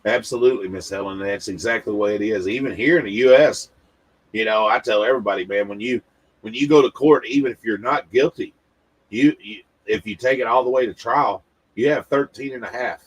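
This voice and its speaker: A man's voice: fairly low pitch, a little fast, breathy edge. A man hosting a casual livestream, rambling and talking straight to his viewers, often repeating words. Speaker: livestream host.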